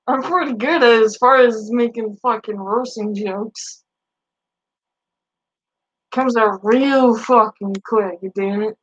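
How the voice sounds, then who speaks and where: A woman's voice: on the high side, slow pace, long pauses. A woman streamer chatting casually on a live stream, swearing freely and cracking roasting jokes. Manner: profane, joking trash talk. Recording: dull lo-fi stream audio.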